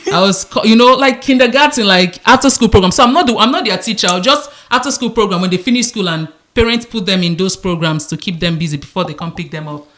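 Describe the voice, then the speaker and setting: A woman's voice: medium pitch, fast, hardly any pauses. A woman in her thirties from Nigeria with a Nigerian accent, co-hosting a podcast and telling stories in casual chat, slipping into Pidgin. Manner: animated storyteller, mixes in Nigerian Pidgin. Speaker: podcast co-host.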